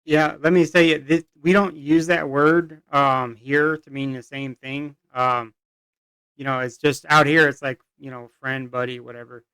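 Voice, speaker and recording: A man from the United States makes casual, rambling reaction comments, full of fillers and small chuckles. His voice is smooth and resonant and sits at a middle pitch. It is recorded dry and close to the mic. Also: steady tone, measured pace, pushed and bright, no echo. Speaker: reaction video host.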